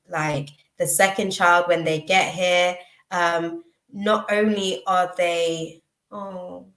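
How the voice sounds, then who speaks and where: A woman gives a live tarot reading in a low-pitched, unhurried voice. She pauses often, restarting her sentences as she feels her way to the message. Her voice carries the echo of a roomy space. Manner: slow, reflective, with frequent ums and restarts. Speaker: tarot reader.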